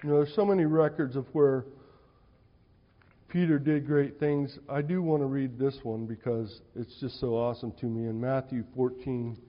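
A male preacher delivering a sermon in an animated, conversational storytelling way in a church hall. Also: medium pitch, normal speed. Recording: dull, reverberant hall sound.

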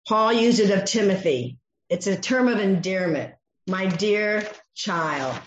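Woman, sermon, slow deliberate delivery, expressive Bible teaching, roomy echo, dull sound. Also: on the low side. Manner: expressive Bible teaching, acting out quoted voices. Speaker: preacher. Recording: echoey dull room sound.

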